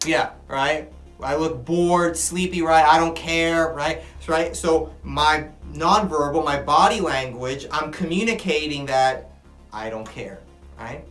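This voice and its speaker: A man giving a classroom lecture. He talks in an animated way and keeps checking in with his listeners. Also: on the high side, slow. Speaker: teacher. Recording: echoey room with faint music. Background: faint music.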